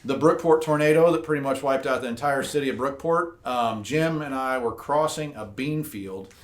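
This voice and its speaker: A man telling rambling, animated cycling stories on a casual podcast, full of "like" and acted-out quotes. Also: mid-range voice, moderate pace. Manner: rambling, animated anecdotes with lots of "like". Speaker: podcast co-host. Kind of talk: casual storytelling chat. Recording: echoey room.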